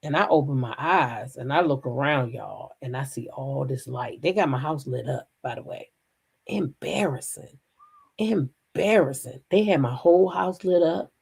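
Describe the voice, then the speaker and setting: A middle-aged woman casually telling viewers a personal story, swearing freely and swinging from hushed asides to loud outbursts. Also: a bass voice, normal speed, creaky, few pauses, husky. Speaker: storyteller recounting a police raid.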